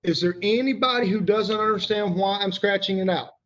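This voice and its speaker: A male teacher, patiently walking a class through a grammar lesson and pausing for their answers. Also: high-pitched, fairly bright tone, lo-fi sound. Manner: patient, asks the class questions and pauses for answers.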